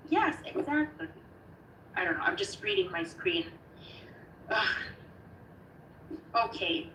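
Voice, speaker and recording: A woman learning English who is excitable and amazed, reading practice text aloud haltingly in casual study chat. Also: mid-range voice, slight background noise. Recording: echoey room, distant mic.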